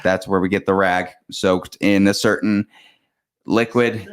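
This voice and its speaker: A man's voice: low voice, unhurried. A man co-hosting a podcast, giving a casual movie review with lots of laughter and jokes. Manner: laughing, jokey, animated retelling. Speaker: podcast co-host.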